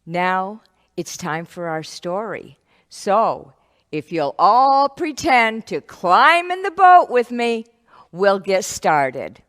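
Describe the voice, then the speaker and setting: A woman teaching a children's ministry lesson, telling a Bible story to kids in an animated, expressive way. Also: medium pitch, slow. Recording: echoey hall.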